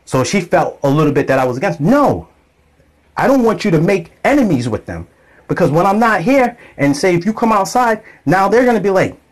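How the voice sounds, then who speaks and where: Man, casual monologue vlog, lively storyteller, slightly raised pitch. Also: normal speed. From grew up in an island community. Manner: animated storytelling, acts out quoted voices. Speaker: vlogger.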